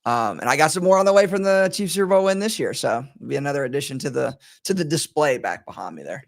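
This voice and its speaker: A man's voice: on the high side, expressive, fast talker, gravelly. A man hosting a sports betting podcast in casual chat, rambling and laughing often, his voice strained today.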